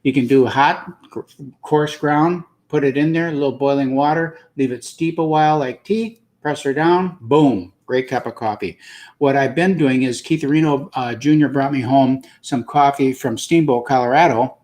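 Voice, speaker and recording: A man's voice: mid-range voice, moderate pace, darkish tone. An older man hosting his own show, chatting in an upbeat, casual coaching way. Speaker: host. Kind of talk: casual motivational talk.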